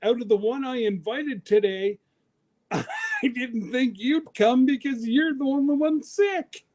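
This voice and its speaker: A man with a notably high voice hosts a relaxed livestream chat. He talks in quick, teasing bursts, bantering with his guests. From Canada. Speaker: host.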